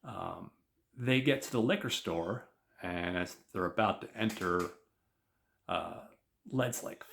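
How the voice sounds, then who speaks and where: A podcast host casually retelling a TV episode, rambling and leaning on lots of fillers. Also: male voice, low-pitched, slow, vocal fry, pauses often, fairly bright tone.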